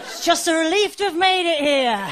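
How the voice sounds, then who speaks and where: A woman's voice: extremely high pitch, expressive, moderate pace. An English woman in her forties doing a stand-up comedy routine, chatty and wry, talking straight to the audience from the stage. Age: 40s. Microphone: stage microphone. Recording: live club recording with loud crowd. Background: loud audience laughter and crowd noise.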